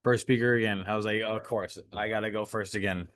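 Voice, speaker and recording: Casting: male co-host, lowish voice, earnest and reflective, dry close mic. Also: steady tone, fairly quick, a bit bright, dry recording. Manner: earnest, reflective, speaks from personal experience. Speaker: podcast co-host. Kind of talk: casual podcast chat.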